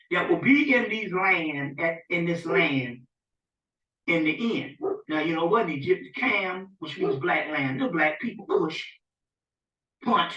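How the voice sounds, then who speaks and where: A man giving a rambling, animated informal spiritual lecture to a small audience, often checking in with his listeners. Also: sits high. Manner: rambling, animated, often asks "you see what I'm saying". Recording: dull, echoey room recording from a distance.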